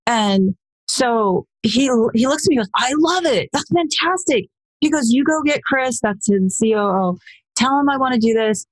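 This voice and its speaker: Woman in her 40s chatting on a podcast, animated, jumps up in pitch for quotes, dry sound. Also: moderate pace, dry recording. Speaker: guest. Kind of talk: casual storytelling interview.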